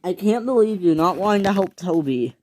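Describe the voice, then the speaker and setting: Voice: mid-range voice, animated, a little fast, darkish tone, voice pushed up, natural voice. A narrator voicing a stern male railway boss scolding the toy engines. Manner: stern, commanding. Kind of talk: toy train storytelling.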